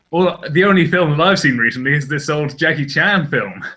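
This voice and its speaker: A man's voice: fairly high pitch, expressive, fairly quick, sharp tone, rough recording. A man co-hosting a casual podcast chat, rambling and hesitant, often restarting his sentences. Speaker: podcast co-host.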